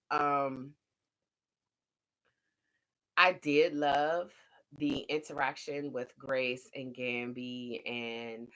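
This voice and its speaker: A woman hosting a casual TV recap vlog, telling the story in an animated, slangy way and laughing often. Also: mid-range voice. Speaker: TV episode recap host.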